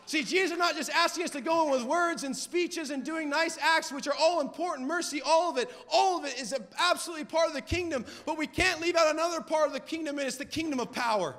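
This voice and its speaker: A young man preaching a sermon with fervent, emphatic delivery and shouted peaks. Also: extremely high pitch, fast, hardly any pauses. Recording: long hall reverb.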